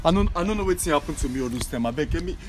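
A man's voice: a little high, lively intonation, rapid-fire, loud music behind the voice. A Nigerian man, apologetic and sheepish, begging forgiveness from a former partner. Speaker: ex-boyfriend apologizing. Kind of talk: emotional street confrontation.

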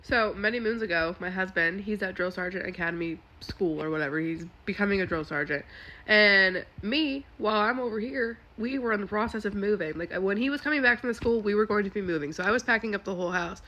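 A woman's voice: medium pitch, bright, forceful tone. A woman telling a casual, chatty story with frequent swearing and laughter. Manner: chatty and profane, quick to laugh.

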